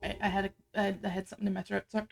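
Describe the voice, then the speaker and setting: A woman's voice: medium pitch, level tone, racing, gravelly, slightly rough. A woman streamer chatting casually during a live stream, rambling, restarting her sentences and laughing at herself. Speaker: streamer building her avatar model.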